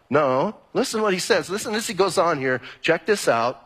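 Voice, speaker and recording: A man's voice: a little high, lively intonation, moderate pace, a bit bright, breathy edge. A man preaching a sermon as pastor, talking conversationally and repeating key phrases for emphasis. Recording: long hall reverb.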